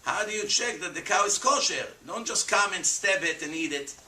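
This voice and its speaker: High, bright-voiced man explaining emphatically. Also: expressive, moderate pace, distant mic. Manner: rhetorical questions, emphatic, non-native English phrasing. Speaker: streamer explaining religious teaching. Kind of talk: animated religious explanation to a chat. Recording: echoey room, off-mic, faint noise.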